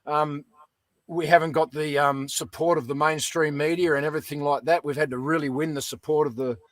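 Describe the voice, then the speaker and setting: Brisk and fairly even in intonation, this slightly high-pitched voice belongs to a middle-aged Australian veteran guest in a relaxed interview. There's no room sound, and his talk is blunt, folksy, and full of "mate".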